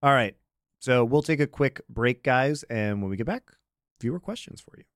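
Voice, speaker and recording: Male co-host, mid-pitched, calm analyst, close dry sound. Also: normal speed, no room sound. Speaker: podcast co-host. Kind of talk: casual esports analysis.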